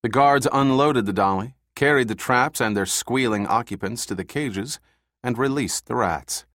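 A man reading an audiobook in a steady, measured narration. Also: medium pitch, no room sound, studio quality.

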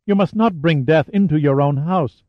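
A man's voice: fairly high pitch, moderate pace, no room sound, dull audio, voice pushed up, lightly acted. A man doing a pleading young woman. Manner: soft, imploring.

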